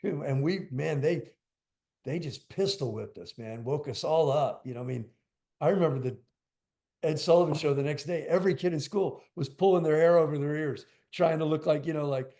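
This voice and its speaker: A man's voice: a little high, moderate pace, dark tone. An older man, a guest musician, telling stories in a rambling, emphatic way, full of fillers. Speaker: guest drummer. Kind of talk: casual interview storytelling.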